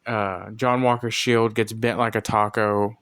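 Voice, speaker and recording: A man casually retelling a movie plot for a review, rambling with lots of "like" and getting excited over the funny parts. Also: lowish voice, a little slow, clean tone, dry recording. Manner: rambling, filler-heavy retelling. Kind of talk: casual spoiler recap.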